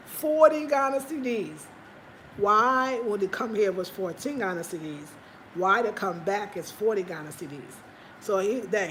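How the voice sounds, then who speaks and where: An American woman hosting a casual livestream, telling stories with lots of animated, high-pitched acted-out quotes and talking straight to her viewers. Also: a little hiss or hum. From United States. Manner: animated storytelling, acting out quotes in high cries; chatty, talks straight to viewers. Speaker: livestream host.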